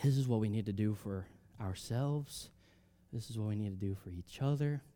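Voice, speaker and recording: A man preaching a sermon, reading scripture aloud and explaining it in a conversational way, swinging between loud emphatic rises and soft drops. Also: on the low side, moderate pace. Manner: reads scripture aloud, then explains it casually with fillers.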